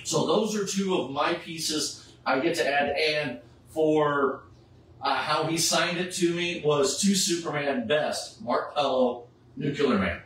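A man's voice: fairly high pitch, slow pace. A middle-aged man chatting casually, telling a story and acting out the people he quotes. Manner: animated, acts out the people he quotes. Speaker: charity Superman cosplayer. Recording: echoey room, far from the mic, faint background noise.

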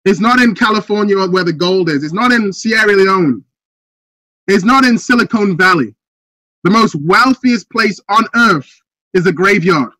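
A man giving a motivational speech on a group video call, firing rhetorical questions and building up to shouts. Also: high-pitched, animated, normal speed, dry recording, poor audio. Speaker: motivational speaker.

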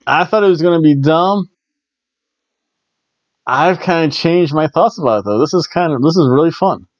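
A man's voice: on the high side, moderate pace, dry recording, muffled recording. A man hosting a casual solo wrestling review, chatty and rambling, often stumbling and restarting his words. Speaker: wrestling show reviewer, host.

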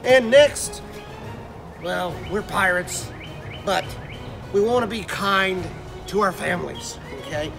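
A jolly pirate captain leads his crew through the rules with a hearty, growling bark, as a man plays him. The voice sits fairly high and carries a gravelly edge, with music playing behind. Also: slow pace, long pauses, full character voice. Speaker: pirate character in an art lesson.

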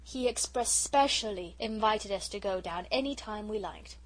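A woman's voice: medium pitch, moderate pace, natural voice, poor audio. A woman reading an audiobook, voicing a proud young boy who talks in an off-hand, impatient way.

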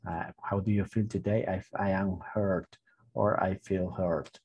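A man teaching an online class for beginners, speaking slowly and repeating each word with hesitant fillers. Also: deep voice, fairly even intonation, darkish tone. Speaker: English teacher. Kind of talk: slow online language lesson with gestures.

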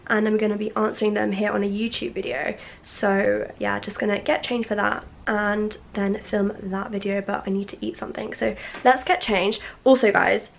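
A woman's voice: fairly high pitch, gravelly, a bit bright. A young woman in her twenties, chatting casually and playfully to the camera at home. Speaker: vlogger. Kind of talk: casual chat.

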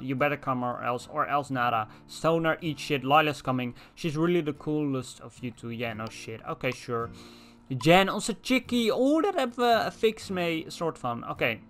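Here a young let's player, Dutch by first language, reads in-game messages aloud with crude jokes and offhand comments. His voice sits in the mid-range and sounds a bit bright.

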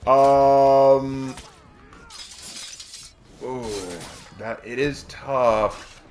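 A man's voice: medium pitch, drawn-out words, a little hiss or hum. A man with a Southern US accent chatting casually on a game stream and telling stories. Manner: animated, chatty storyteller. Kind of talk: casual stream chat and storytelling.

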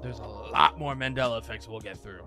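A man's voice: medium pitch, a little fast, over music. A man hosting a casual podcast, joking, swearing and reading sponsor plugs. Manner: loose, swearing, reads ad plugs. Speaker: podcast host.

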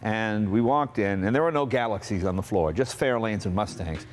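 A man in his sixties from Massachusetts, hosting and telling a casual, animated story about cars. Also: fairly low pitch, normal speed. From Massachusetts, USA. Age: 60s. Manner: chatty, animated, acts out family members' lines. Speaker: host.

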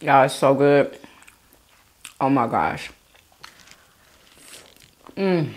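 A woman's voice: a bass voice, extremely slow. A woman vlogger chatting casually to viewers while eating takeout, addressing them as "y'all", with close mic eating sounds. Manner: chatty, animated, says "y'all" a lot, chewing sounds. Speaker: mukbang vlogger. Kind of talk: casual eat-with-me chat.

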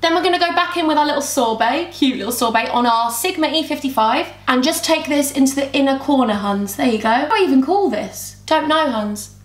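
Young woman vlogger, high and bubbly, chats to herself through a makeup tutorial in an echoey room. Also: lively intonation, fairly quick, hardly any pauses. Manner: bubbly, rambling, talks to herself and her camera. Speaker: beauty vlogger. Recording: roomy echo.

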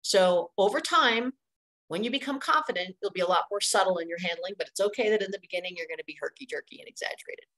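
A middle-aged woman presenting a training webinar on dog playgroups, talking in an energetic, chatty way and stressing her points with repeated words. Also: medium pitch, fast talker, poor audio. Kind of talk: instructional webinar talk.

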